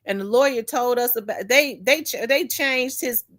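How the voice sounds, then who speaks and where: Woman host, casual storyteller, animated, voices her relatives in quotes, blunt and emotional, swears freely. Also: on the high side, moderate pace. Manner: animated, acts out family members' voices. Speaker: talk show host.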